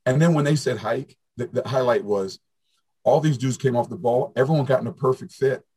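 Middle-aged coach, husky and quick, animated storyteller in a casual interview. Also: male voice, mid-range voice. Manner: animated storyteller, acts out quoted dialogue. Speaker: strength and conditioning coach. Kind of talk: fast casual interview talk.

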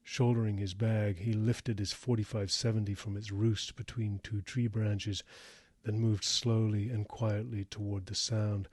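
A man narrating an audiobook in a steady, measured reading. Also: lowish voice, breathy edge, no room sound.

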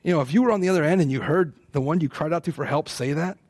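A middle-aged man preaching a sermon in a relaxed, conversational way, with playful asides. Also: on the high side, very fast. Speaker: pastor.

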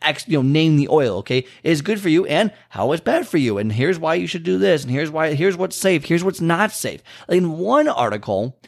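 A man's voice: fairly high pitch, very animated, moderate pace, gravelly, few pauses. A man who works as a fitness and nutrition trainer, talking casually on his own podcast and rambling with lots of fillers and repeats.

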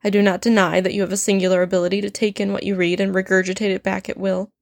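A woman's voice: mid-range voice, flat delivery, rapid-fire, creaky, no room sound, studio quality, close to an everyday voice. A woman reading a story aloud, voicing a stern, sardonic male potions professor who speaks in a cold, clipped and cutting way. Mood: cold, scornful.

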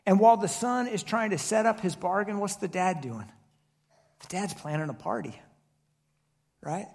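A man's voice: high voice, lively intonation, normal speed, gravelly. A man in his thirties, a pastor giving a conversational sermon, full of rhetorical questions and restarts.

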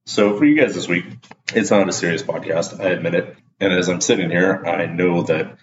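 Deep-voiced guy rambling excitedly on his podcast, dull echoey room, lots of hiss behind. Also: moderate pace. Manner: excitable, rambling, self-deprecating. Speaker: podcast host. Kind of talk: casual solo podcast talk.

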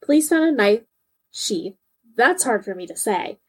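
A woman's voice: a little high, animated, moderate pace, slightly rough, rough recording. A woman co-hosting a true-crime podcast in casual chat, reading case details aloud in between. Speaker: podcast co-host.

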